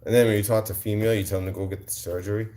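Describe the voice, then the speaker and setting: A man's voice: on the low side, level tone, very fast, noisy background. A male livestream host answering his chat in a combative, mocking rant, repeating his insults.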